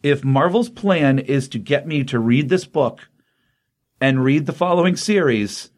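A man co-hosting a podcast rattles through a comic plot in a loose, rambling way. He talks fast and leans on ums as he goes. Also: medium pitch, animated. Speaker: podcast co-host. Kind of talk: casual comic book recap.

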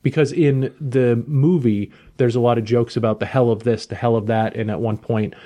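A man hosting a podcast, retelling a story in an enthusiastic, animated way in casual chat. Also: medium pitch, normal speed. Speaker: podcast host.

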